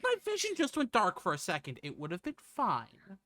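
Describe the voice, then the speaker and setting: A woman streaming a visual novel, chatting casually with a giggly, self-deprecating manner and bursts of shrill put-on voices. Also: huge pitch swings, moderate pace, fairly bright tone, dry recording. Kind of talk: casual gaming stream chat.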